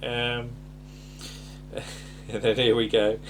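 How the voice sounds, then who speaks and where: A man's voice: mid-range voice, normal speed, a little hiss or hum. A man co-hosting a TV review, chatting casually, rambling and prompting his co-host with questions. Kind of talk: casual chat.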